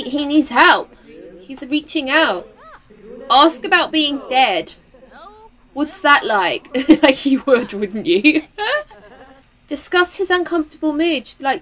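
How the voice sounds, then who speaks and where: A young woman talks over her gameplay in a loose, chatty way, reacting loudly and dropping slang as she goes. Her voice sits high for a woman, and her talk is excitable. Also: slow pace, pauses often. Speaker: game streamer. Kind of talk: casual gameplay commentary.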